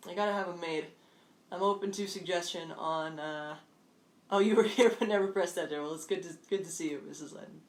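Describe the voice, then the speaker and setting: A woman's voice: fairly low pitch, brisk. Encouraging woman fitness coach, echoey room. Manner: upbeat, encouraging, calls out steps and counts. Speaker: fitness instructor. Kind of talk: live online workout class. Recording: roomy echo, distant mic, faint background noise.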